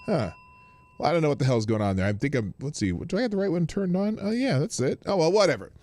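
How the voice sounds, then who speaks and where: A man's voice: a little high, fast talker. A man hosting a morning live stream in a casual, rambling way, greeting his viewers one by one. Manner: animated, greets viewers by name, rambling asides.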